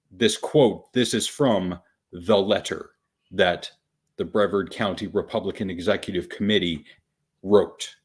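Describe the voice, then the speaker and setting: A man's voice: on the low side, darkish tone, breathy edge. A man hosting a podcast, wryly and patiently walking listeners through a news story, step by step. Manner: wry, patient, explains slowly and deliberately. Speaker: podcast host. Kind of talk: casual podcast commentary.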